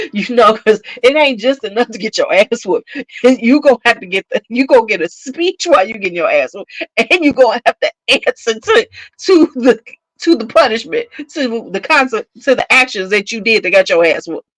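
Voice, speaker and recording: Animated, laughing woman telling stories. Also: medium pitch, moderate pace, dry recording, low-quality recording. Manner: animated, laughing, profane, acts out scenes. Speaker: beauty channel host. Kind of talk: casual storytelling chat to camera.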